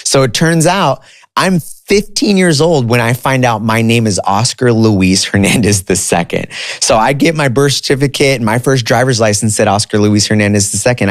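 Low-voiced man telling a personal story. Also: no echo, clean studio sound. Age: 30s. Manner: animated, conversational, says dude and like. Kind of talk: casual storytelling.

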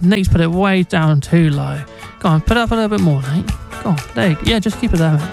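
Chatty, jokey radio DJ. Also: male voice, high voice, animated, fairly quick, vocal fry, soft background music. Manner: chatty, jokey, rambling with restarts. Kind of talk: casual radio presenting. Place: radio studio. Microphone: studio mic.

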